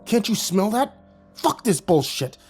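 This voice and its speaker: A man voicing a frantic, foul-mouthed young man who keeps swearing in a high, strained voice. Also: very animated, a little slow, a little mellow, husky, soft background music, exaggerated voice. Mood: panicky, cursing.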